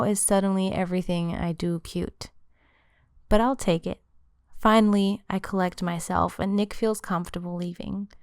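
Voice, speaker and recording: A woman's voice: mid-range voice, steady tone, moderate pace, a little mellow, clean tone, no echo, clean studio sound. A woman narrating her own book in the first person, in an intimate storytelling manner. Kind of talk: audiobook narration.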